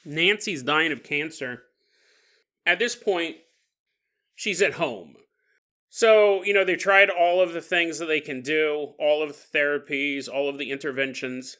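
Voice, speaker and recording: A man's voice: fairly high pitch, unhurried, pushed and bright. A man hosting a podcast, telling a paranormal story casually with joking asides. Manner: joking asides, chuckling between lines. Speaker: podcast host.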